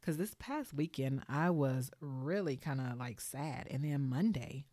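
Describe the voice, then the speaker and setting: A woman's voice: very deep voice, lively intonation, a little slow, mellow, no room sound. A woman in her thirties hosting a solo podcast, talking candidly and reflectively in a conversational way full of fillers. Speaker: podcast host.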